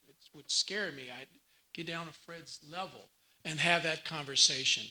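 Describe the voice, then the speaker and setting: Bright-voiced man leading a seminar. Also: a little high, normal speed, low-quality recording. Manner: animated storyteller, acts out quotes. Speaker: support group leader. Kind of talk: seminar talk.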